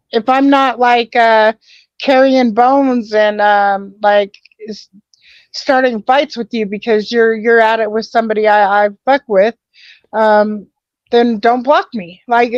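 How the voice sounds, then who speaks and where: A woman's voice: a little high, no room sound. Swearing woman host, lo-fi voice chat. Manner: swears a lot, laughs things off, many restarts. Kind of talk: casual group chat. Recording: dull lo-fi sound.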